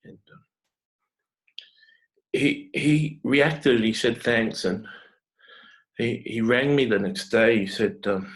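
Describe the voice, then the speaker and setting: An Australian man vlogging, telling a personal story in an earnest, halting way with many restarts. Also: mid-range voice, rough recording.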